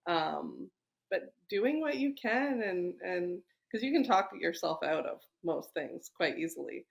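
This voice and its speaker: A woman's voice: fairly low pitch, animated, a little slow, creaky. A woman guest in a podcast interview, speaking reflectively with frequent restarts. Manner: reflective, many restarts and fillers. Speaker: guest entrepreneur. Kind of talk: conversational interview.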